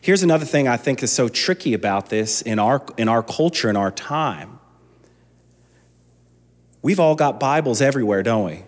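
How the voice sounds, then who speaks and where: A pastor delivers his sermon in a conversational, restart-prone way, his voice climbing into impassioned emphasis as he presses a point. His pitch sits in an ordinary middle register. A long reverb hangs on every phrase, as in a large sanctuary. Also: animated, normal speed.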